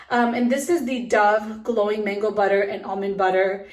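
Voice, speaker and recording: A woman's voice: mid-range voice, fairly even intonation, normal speed, roomy sound, far from the mic, faint music behind. A pregnant young woman vlogging casually into her phone, chatty and upbeat with lots of fillers, a little out of breath. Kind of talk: casual chat to a phone camera. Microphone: phone camera.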